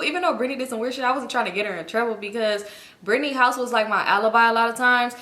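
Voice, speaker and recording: A woman in her thirties tells a story to her viewers in loose, profane chat, jumping higher whenever she gets worked up. Her voice sits a little high. The room around her has a noticeable echo. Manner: profane, animated retelling with quick jumps up in pitch. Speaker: storytime vlogger. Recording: echoey room.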